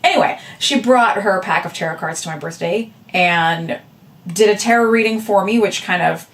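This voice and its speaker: A female artist and vlogger speaks to camera in a loose, rambling way, dropping lots of fillers and asides. Her pitch is medium and her speed normal. The audio comes from a distant camera mic backed up by a separate recorder.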